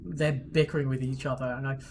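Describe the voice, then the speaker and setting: A man's voice: mid-range voice, fairly even intonation, quick pace, noisy background. A man running a tabletop game as game master, casually reading out rules and describing scenes.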